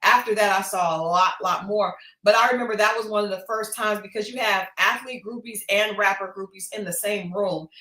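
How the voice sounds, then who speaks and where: A woman co-hosting a podcast, chatting casually and telling stories with lively quoted voices. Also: medium pitch. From Oklahoma. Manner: animated storytelling with quoted voices. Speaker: podcast co-host. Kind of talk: casual chat. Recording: echoey room.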